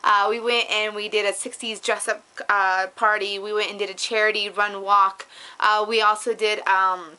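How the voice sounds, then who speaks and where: A woman's voice: medium pitch, little pitch movement, normal speed, sharp tone, clear, resonant tone. A middle-aged woman giving an upbeat weight-loss update in a casual vlog, bubbly and effusive, repeating words for emphasis. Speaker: vlogger.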